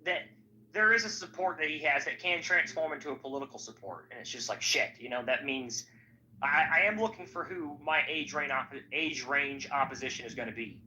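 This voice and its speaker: A man with a slightly high, expressive voice talks politics at a fairly quick pace, his tone bright and forceful. It's a rambling, casual podcast chat full of profanity. The audio is a bit dull, with faint noise in the background.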